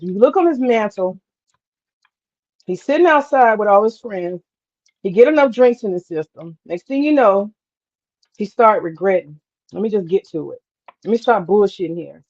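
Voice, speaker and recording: A woman's voice: medium pitch, a little mellow, dull audio. A woman hosting a live stream, telling a story in a candid, chatty way, swearing freely and talking to the chat. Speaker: host.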